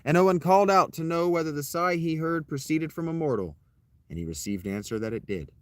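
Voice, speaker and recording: A man's voice: on the high side, animated, brisk. A man reading an old tale aloud and breaking off for irreverent, swearing asides. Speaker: storyteller.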